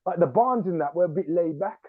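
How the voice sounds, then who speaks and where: Guy on a podcast, rambly and animated, sounds thin like over a phone, dry. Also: high voice, a little fast, no echo, narrow, tinny audio. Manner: animated, rambling, lots of yeahs. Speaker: podcast co-host. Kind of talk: casual chat.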